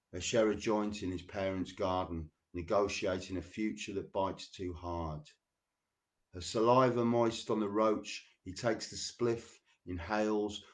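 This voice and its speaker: A man hosting a show, reading poems slowly and deliberately and chatting loosely between them. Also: sits low. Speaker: radio show host. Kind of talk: poetry reading with casual asides.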